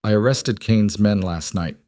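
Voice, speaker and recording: A man voicing a steady frontier marshal. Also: lowish voice, measured pace, dry recording, clean studio sound, lightly acted. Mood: firm. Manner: quiet, firm. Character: gruff frontier town marshal, steady and stubborn.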